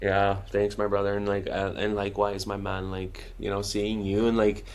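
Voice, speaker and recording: A fairly low-pitched male voice, completely flat, moving at a moderate pace. He's a musician and speaker appearing as a podcast guest, sharing his story in a candid, heartfelt, easygoing way while repeatedly calling the host "bro" and "man."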